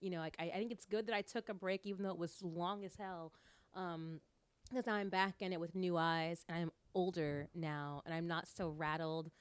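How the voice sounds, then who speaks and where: A woman's voice: on the low side, steady tone, normal speed, smooth, no echo. A woman guest on a podcast, a stand-up comedian, talking casually and rambling with lots of fillers.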